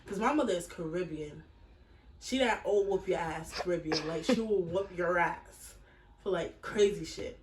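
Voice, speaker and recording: With a lowish voice at a moderate pace, this twenty-something woman tells a personal story casually, blunt and swearing a lot as she animatedly retells it. It's recorded in an echoey room from a distant mic with faint hiss.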